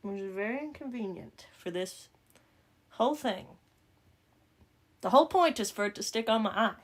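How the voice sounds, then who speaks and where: A woman's voice: mid-range voice, expressive, moderate pace. A woman with a Southern accent talking through a makeup tutorial in a casual, joking way, full of rambling asides. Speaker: makeup vlogger.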